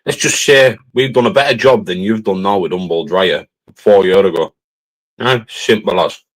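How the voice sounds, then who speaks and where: Speaking in a deep voice at a moderate pace, this Cumbrian livestream host from northern England delivers a confrontational rant on a rough recording. He ends phrase after phrase with a challenging "right?"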